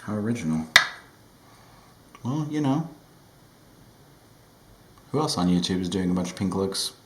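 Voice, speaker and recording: A man with a deep, low voice chats casually through a makeup tutorial, relaxed and rambling, with a self-deprecating streak. He is recorded at home in a roomy, echoey space. A faint noise sits underneath. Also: normal speed. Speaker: makeup vlogger.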